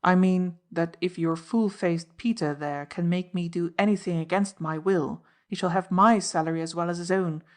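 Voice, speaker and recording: A woman's voice: fairly low pitch, fairly even intonation, moderate pace, few pauses, close to an everyday voice. A woman voicing a defiant young Englishman who is posing as a cockney chauffeur, in an audiobook reading. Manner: defiant, sneering.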